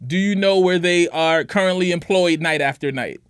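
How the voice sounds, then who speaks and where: Podcast co-host, middle-aged man, relaxed chat, slightly high voice, dry studio sound. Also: normal speed, clear, resonant tone, no echo. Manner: laid-back, fills with "you know what I'm saying". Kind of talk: casual chat.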